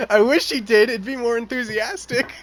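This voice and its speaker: A man's voice: extremely high pitch, measured pace, fairly bright tone. A young man co-hosting a podcast, chatting casually and making dry jokes. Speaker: podcast co-host. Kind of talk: casual chat among friends.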